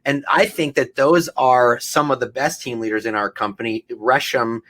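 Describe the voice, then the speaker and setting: Guy hosting a chatty podcast, mid-pitched, rambles with lots of you-knows. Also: normal speed, a bit bright. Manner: rambling, filler-heavy. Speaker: podcast host. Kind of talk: casual podcast chat.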